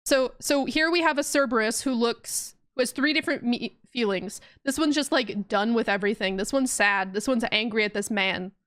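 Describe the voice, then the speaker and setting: A woman's voice: a little high, normal speed, few pauses, a bit bright, no echo, clean studio sound. A young woman streaming a game, chatting casually and giggling often. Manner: giggly and playful, often laughing. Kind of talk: casual gameplay commentary.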